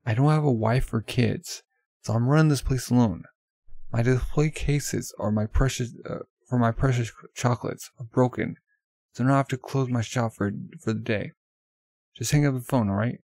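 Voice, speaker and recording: Indignant male shopkeeper from a comic, scolding, gravelly, read aloud by a man. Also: medium pitch, normal speed, a little mellow, no echo, natural voice.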